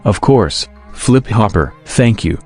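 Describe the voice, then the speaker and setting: Storybook young bee girl, cheerful and curious, voiced by a man with a low voice, faint music under. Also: animated, takes it slowly, husky, full character voice.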